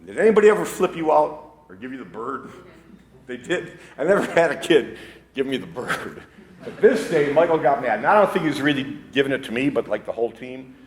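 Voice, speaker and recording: A man in his sixties, a wrestling coach and educator, giving an animated storytelling speech to a school faculty and laughing at his own anecdotes. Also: medium pitch, brisk. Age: 60s. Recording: echoey room, faint background noise.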